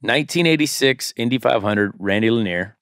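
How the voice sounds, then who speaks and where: A man's voice: mid-range voice, lively intonation, fairly quick, fairly bright tone, clear, resonant tone, dry recording, clean studio sound. A young man co-hosting a casual podcast chat, joking around and laughing often. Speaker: podcast co-host.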